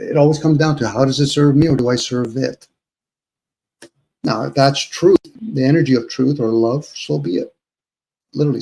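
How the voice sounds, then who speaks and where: A man's voice: medium pitch, gravelly, warm tone, poor audio. A man on a live online panel, reflecting at length with everyday analogies and often addressing the host. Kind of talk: casual live-stream chat.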